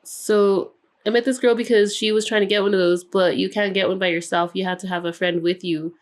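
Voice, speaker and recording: A young woman co-hosting a podcast, telling a story in a casual, animated way, swearing freely and acting out the quoted voices. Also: medium pitch, fairly quick. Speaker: podcast co-host.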